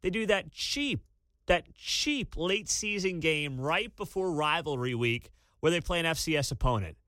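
A man hosting a college sports talk radio show, ranting with incredulous energy and bursts of shouting. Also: fairly high pitch, unhurried, no room sound, studio quality. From Kansas City area. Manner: animated, incredulous rants with sudden shouting.

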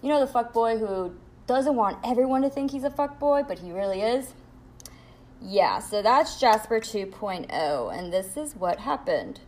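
A woman's voice: on the high side, lively intonation, moderate pace, darkish tone. A young woman hosting a casual podcast from home, telling a story bluntly and candidly, with plenty of swearing. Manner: blunt, profane, candid venting. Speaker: podcast host.

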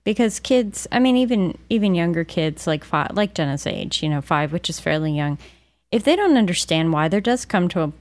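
A woman in her thirties co-hosts a casual parenting podcast. Her voice is somewhat low for a woman, and she speaks in a relaxed, conversational way. She backs up her co-host's points with examples of her own. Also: normal speed. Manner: conversational, supportive, frequent agreeing murmurs. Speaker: podcast co-host.

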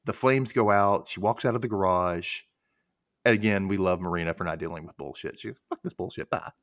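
A man's voice: low voice, a little fast, no echo. A man hosting a podcast, casually recapping a TV episode and acting out the characters' lines as he goes. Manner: animated storytelling, acts out quotes, laughs often.

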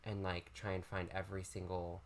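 A man's voice: low-pitched, level tone, fairly quick, a little hiss or hum. A man joining a podcast as a guest, talking casually about a movie. He is enthusiastic and chatty, and he tends to ramble as he works through his theories.

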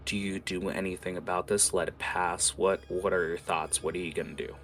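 A man's voice: low-pitched, fairly even intonation, fairly quick, a bit bright, faint music behind. A man narrating as game master, loose and full of fillers.

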